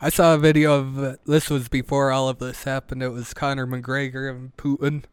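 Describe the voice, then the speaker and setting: A man's voice: mid-range voice, level tone, moderate pace, smooth, dry recording. A man co-hosting a comedy podcast, chatting casually and joking around in a laid-back way. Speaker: podcast co-host.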